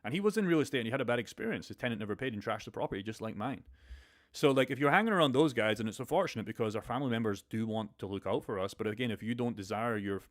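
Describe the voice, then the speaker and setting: Fast-talking blunt man. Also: medium pitch, expressive. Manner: fast, blunt, profane motivational talk. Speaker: crypto live stream host. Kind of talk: casual live stream chat.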